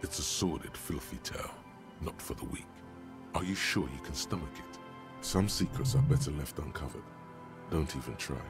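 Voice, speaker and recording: A man's voice: very deep voice, normal speed. A man voicing a brooding, mocking narrator in a detective video game, with a sardonic, ominous delivery. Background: game music.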